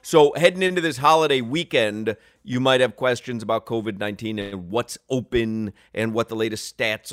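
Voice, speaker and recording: A man with a lowish voice co-hosts a radio show, joking between live ad reads. The sound is close and dry, straight off a studio mic. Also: no room sound. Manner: joking, laughs often, reads sponsor copy.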